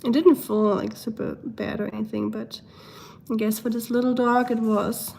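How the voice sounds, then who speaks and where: A young German woman with a German accent, a bit hoarse from a cold, chatting casually on a home live stream, reading viewer comments and talking to her pets. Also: a little high, level tone, normal speed, darkish tone, a little hiss or hum. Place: at home, indoors.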